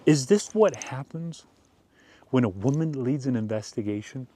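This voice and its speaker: A man hosting a rambling commentary show, speaking with mocking deadpan sarcasm. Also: mid-range voice, normal speed. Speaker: commentary host.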